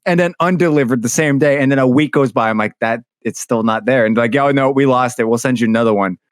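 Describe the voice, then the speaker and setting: A man's voice: medium pitch, fast, clear, resonant tone, dry recording, studio quality. A man co-hosting a podcast, telling a rambling, self-deprecating story in casual chat. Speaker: podcast co-host.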